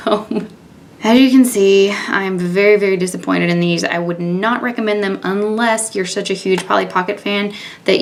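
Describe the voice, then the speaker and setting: A young woman chatting casually as she demonstrates makeup, narrating each step in a candid, offhand way. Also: medium pitch. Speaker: beauty vlogger. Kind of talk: casual makeup tutorial and review.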